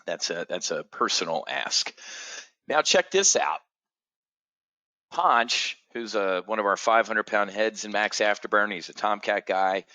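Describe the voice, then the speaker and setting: Animated man telling a story with a bright, forceful voice. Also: unhurried, no room sound. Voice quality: animated, swears freely, acts out others' voices in high pitch. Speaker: trading community host. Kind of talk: casual storytelling monologue.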